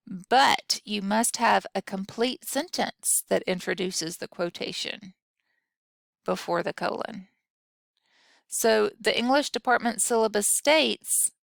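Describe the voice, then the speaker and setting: A woman's voice: mid-range voice, vocal fry, a bit bright, no room sound, studio quality. A woman instructor giving a recorded grammar lesson, explaining patiently and talking through example sentences aloud.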